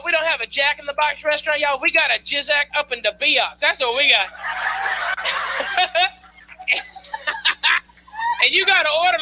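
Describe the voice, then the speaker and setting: A man's voice: very high voice, sharp tone, slight background noise, low-quality recording. A male stand-up comedian on a club stage, talking loose and slangy while teasing the crowd through a handheld mic.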